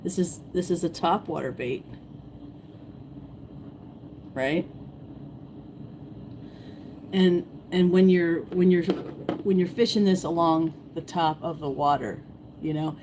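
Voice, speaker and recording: A woman hosting a casual fishing livestream, rambling and repeating herself, her voice going hoarse as she greets viewers. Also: low voice, slow pace, long pauses, noisy background. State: losing her voice, clearing throat. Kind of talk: casual live-stream chat.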